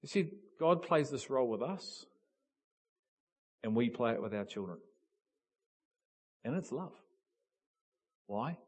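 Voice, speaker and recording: A man preaching a sermon, telling a story with animated build-ups and emphatic peaks. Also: mid-range voice, slow, pauses often, husky. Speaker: pastor.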